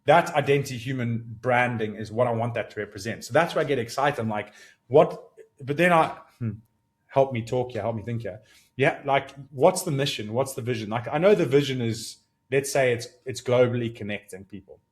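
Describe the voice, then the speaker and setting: Fairly quick and mid-range in pitch, this man in his thirties delivers a reflective solo podcast monologue. He's earnest and animated, with his voice climbing in excitement and settling as he considers things. He tends to restart sentences as he thinks aloud.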